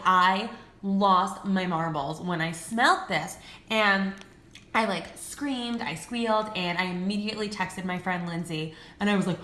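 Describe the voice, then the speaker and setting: A woman in her twenties gushing excitedly in a casual haul video, full of "like" and the odd swear word. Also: medium pitch, echoey room, a little hiss or hum. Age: 20s. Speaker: vlogger.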